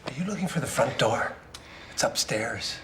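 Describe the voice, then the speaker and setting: A man's voice: medium pitch, normal speed, slight background noise. An actor playing a friendly, polite male janitor in a TV episode. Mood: helpful. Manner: calm, polite. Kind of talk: TV episode clip.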